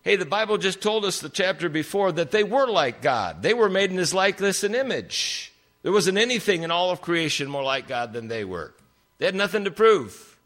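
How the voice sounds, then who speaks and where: An older man preaching a sermon, telling stories with big swings in pitch for emphasis. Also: sing-song, moderate pace, a bit bright.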